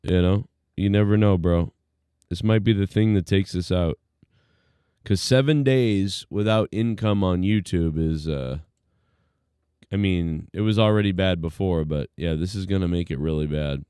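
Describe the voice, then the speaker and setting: A man's voice: sits low, unhurried, warm tone, clean tone, no echo, clean studio sound. A man hosting a live stream, talking in a laid-back, rambling way with plenty of fillers. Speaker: host of a live-streamed show. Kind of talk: casual live-stream commentary.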